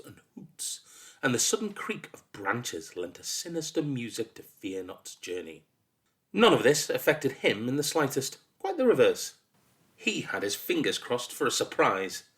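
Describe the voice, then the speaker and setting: Storyteller: man, expressive storybook reading, very animated pitch. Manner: lively, expressive.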